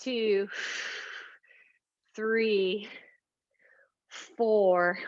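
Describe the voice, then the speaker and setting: A woman teaching a yoga class, cueing poses calmly while moving and a little out of breath. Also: mid-range voice, dull audio. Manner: slow, calm cueing with breathy whoops of effort. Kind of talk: guided yoga class instruction.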